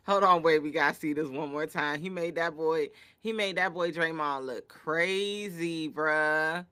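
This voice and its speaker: Bright-voiced excitable woman sports host. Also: on the low side, unhurried. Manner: excitable, slangy, hyped reactions. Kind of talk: casual sports commentary chat.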